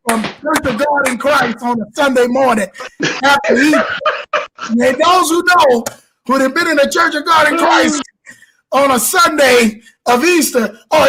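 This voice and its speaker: A man hosting a live show, talking in an animated, preacher-like way and blessing his audience. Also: very high voice, a little hiss or hum, rough recording. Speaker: show host. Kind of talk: exuberant live show wrap-up.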